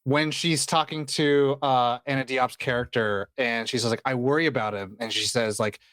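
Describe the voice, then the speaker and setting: A man's voice: mid-range voice, fairly even intonation, normal speed, a bit bright, smooth, no echo. A man co-hosting a podcast, chiming in conversationally about a film. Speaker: podcast co-host. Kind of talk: casual film discussion.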